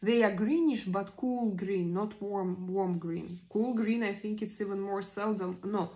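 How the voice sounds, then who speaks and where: A woman's voice: mid-range voice, measured pace, mellow, low-quality recording. A woman in her forties with non-native English, chatting on a live stream and hesitantly repeating vocabulary words aloud. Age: 40s. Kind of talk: casual live-stream chat, practicing vocabulary.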